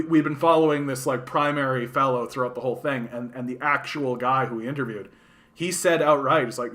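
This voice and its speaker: Profane, bright-voiced ranting man. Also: medium pitch. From Canada. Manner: profane, animated, mocking quoted voices. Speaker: livestream host. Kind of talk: casual ranting monologue.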